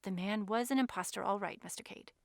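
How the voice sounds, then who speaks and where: Steady, no-nonsense male superintendent, read by a woman. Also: medium pitch, fairly quick, vocal fry, dry recording, clean studio sound, close to an everyday voice. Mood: matter-of-fact.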